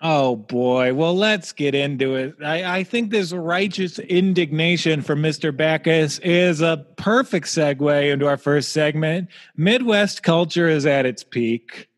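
A man with a slightly high voice hosts a casual comedy podcast. He delivers dry, wry jokes while reading out figures. His voice carries a long, hall-like reverb. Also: measured pace, hardly any pauses. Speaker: podcast host.

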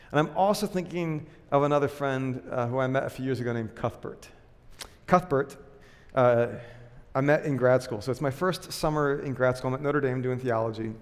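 A man's voice: mid-range voice, fairly quick, long reverb tail. A man, a pastor, preaching a sermon full of personal stories in a conversational, self-deprecating way with lots of fillers and restarts.

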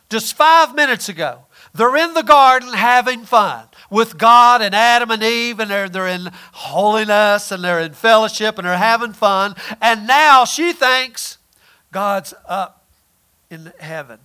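Man, preacher, sermon, high voice, folksy, emphatic, loud-then-quiet delivery.

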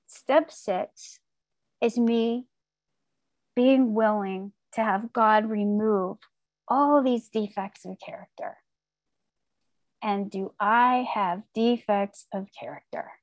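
A woman's voice: fairly high pitch, takes it slowly, long pauses, dry recording. A woman telling a candid, wry personal recovery story, acting out her own inner voices. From Texas. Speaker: speaker sharing a recovery story. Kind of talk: personal testimony talk.

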